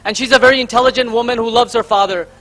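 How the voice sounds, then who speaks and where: A man's voice: very high-pitched, steady tone, rapid-fire, a bit bright. A man from Karnataka giving a convention speech, telling a story and then laying out numbered points to the audience he calls friends. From Karnataka, India. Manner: rhetorical, addresses the audience as friends, counts off points. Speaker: speaker at a convention. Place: convention hall stage.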